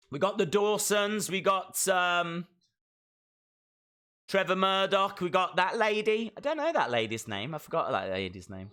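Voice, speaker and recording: A man giving excitable, jokey live commentary while watching a show along with viewers. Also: fairly high pitch. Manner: excitable, jokey, talks to himself. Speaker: live stream reactor.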